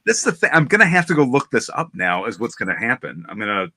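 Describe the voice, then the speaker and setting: A man's voice: medium pitch, very animated, fast, sharp tone, no room sound. A man in a casual toy chat, rambling and thinking aloud with many restarts. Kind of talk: casual chat while opening toys.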